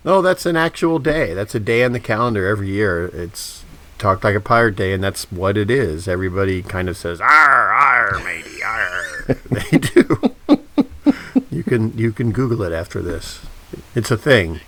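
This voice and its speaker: A man's voice: on the low side, brisk, fairly bright tone. A man co-hosting a podcast, telling stories in a hesitant, self-deprecating way with many restarts. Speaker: podcast co-host. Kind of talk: casual chat.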